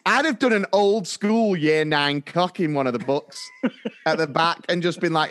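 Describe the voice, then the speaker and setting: A man's voice: on the high side, moderate pace, fairly bright tone. A man co-hosting a casual teachers' podcast, telling stories and laughing often. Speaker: podcast co-host, primary school teacher. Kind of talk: casual chat.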